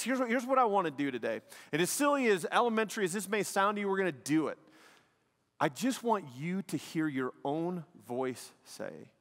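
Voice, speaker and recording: A man's voice: a little high, lively intonation, moderate pace, vocal fry, fairly bright tone. A man preaching a sermon in an emphatic, conversational way, often dropping "man" and "like" between points. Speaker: pastor. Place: church sanctuary. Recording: long reverb of a large hall.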